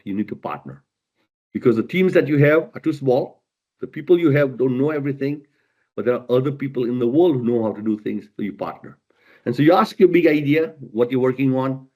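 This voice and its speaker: A man's voice: mid-range voice, a little mellow. A middle-aged man giving a motivational keynote talk, stressing points by repeating key words. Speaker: keynote speaker.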